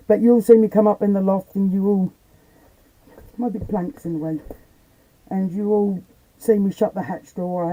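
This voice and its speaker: A woman talks through a live paranormal stream in loose, chatty commentary, blunt and quick to swear. Her voice is very dark and mellow, and she sits at a middling pitch. She is speaking from an old house's attic loft. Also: poor audio.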